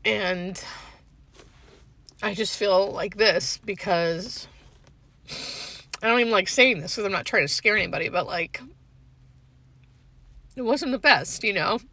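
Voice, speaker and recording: A young adult woman, a hospice nurse, talking tearfully to the camera from her parked car, halting and fighting back tears. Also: mid-range voice, creaky, pushed and bright, dry recording. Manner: halting, emotional, restarts with fillers. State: tearful, holding back crying. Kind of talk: emotional vlog, talking to camera.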